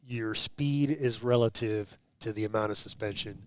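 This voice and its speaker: A man's voice: fairly low pitch, moderate pace. A man chatting as a podcast guest, telling stories with restarts and acted-out quotes. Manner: animated storyteller, restarts and acts out quotes. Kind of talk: casual podcast chat.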